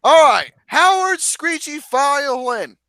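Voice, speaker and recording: A man's voice: extremely high pitch, lively intonation, slow, bright, forceful tone, no echo. A man hosting a casual movie podcast, joking and swearing as he lists films and reads a kids' book aloud mockingly. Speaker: podcast host.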